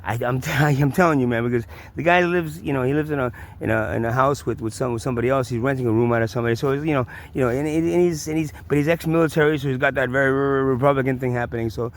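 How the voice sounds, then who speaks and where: A man's voice: mid-range voice, fairly even intonation, very fast, few pauses. A man with a New York accent tells a personal story in a rambling, profane way, full of restarts and repeats. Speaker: vlogger. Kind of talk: casual storytelling.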